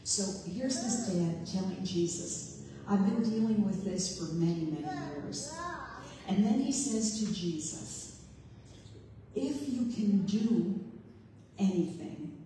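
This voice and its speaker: A woman with a mid-range, mellow voice preaches slowly and expressively to a congregation in a large room, retelling the story in a reflective, questioning way and voicing the father and Jesus in quotes. The recording is echoey, her voice distant, with a little hiss or hum.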